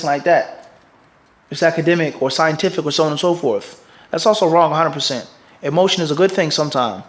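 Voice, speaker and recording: A middle-aged mufti with a fairly high voice teaches a hadith class in a religious lecture, full of lively energy and sprinkled with Arabic terms. He quizzes the room by pausing on a fill-in "what?" so they can answer. He keeps checking, "everybody understand this?"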